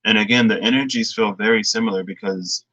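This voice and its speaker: A man giving a casual tarot reading, chatty and thinking aloud, slipping into animated retellings. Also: fairly low pitch, a little fast, a little hiss or hum, poor audio. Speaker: tarot reader.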